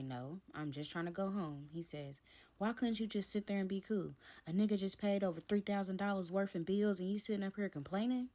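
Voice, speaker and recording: Animated woman telling a dramatic story. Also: mid-range voice. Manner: animated retelling, acting out both sides of arguments. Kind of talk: storytime vlog.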